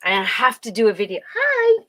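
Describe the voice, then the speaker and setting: A playful woman with a somewhat high voice co-hosts a casual livestream. She teases her partner and laughs a lot between remarks. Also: animated, normal speed, a bit bright, low-quality recording. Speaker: livestream co-host.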